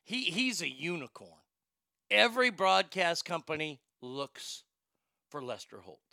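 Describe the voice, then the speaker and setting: A blunt, profane man hosting a talk show, rambling and restarting his sentences as he goes. His voice sits high for a man, with a gravelly, fried edge and a very bright, forceful tone. It is recorded dry and close, with no room sound. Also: big pitch swings, a little slow, dry recording. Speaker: podcast host. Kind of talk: casual opinionated chat.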